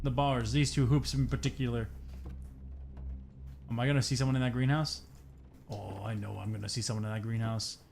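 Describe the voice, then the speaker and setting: A man's voice: mid-range voice, slight background noise. A young man playing a horror game, joking to himself and breaking into jumpy outbursts, sounding tired. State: tired, yawning. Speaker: gaming streamer. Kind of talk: horror game let's play commentary.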